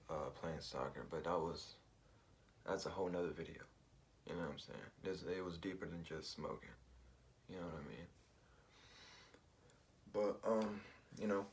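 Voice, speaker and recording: A man's voice: sits low, a little hiss or hum. A man telling a personal story in a rambling, slangy way, full of fillers and asides. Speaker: vlogger.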